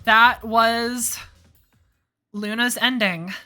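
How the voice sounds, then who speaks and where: A young woman streaming a story game, gushing with emotion as she talks. Her voice is bright and forceful, the pace unhurried. Faint lo-fi music plays behind. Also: a little high, fairly even intonation. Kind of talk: let's-play commentary. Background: faint lo-fi background music.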